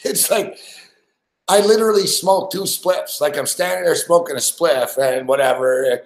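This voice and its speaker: A young man spins a crude, rambling story, swearing constantly and padding every line with "like." His voice sits a touch high for a man. The room around him rings with a noticeable echo. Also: normal speed. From Montreal, Canada. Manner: profane, rambling anecdote full of "like" and laughter. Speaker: podcast host. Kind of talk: casual storytelling chat. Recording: echoey room.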